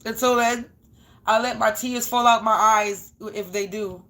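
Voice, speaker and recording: Woman, fairly high voice, defiant, emotional, repetitive vlog monologue. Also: steady tone, a little slow, a bit bright. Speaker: spiritual reader and vlogger.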